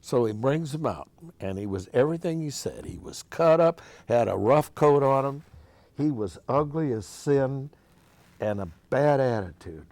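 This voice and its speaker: An older man spins a folksy yarn as an interview guest, chatty and full of restarts. His voice sits at an ordinary pitch and is recorded close and dry, with no room sound. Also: lively intonation, moderate pace, a little mellow, dry recording. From Oregon, USA. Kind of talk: casual storytelling.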